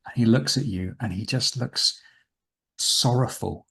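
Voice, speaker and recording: A man running a tabletop game as game master. He narrates scenes slowly and dramatically. His voice sits somewhat low. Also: fairly bright tone, breathy edge. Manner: slow, dramatic descriptive narration.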